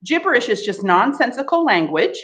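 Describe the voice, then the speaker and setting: A woman's voice: a little high, sing-song, a little fast, a bit bright. A woman leading a live laughter yoga session, laughing often and chanting playfully. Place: home art studio.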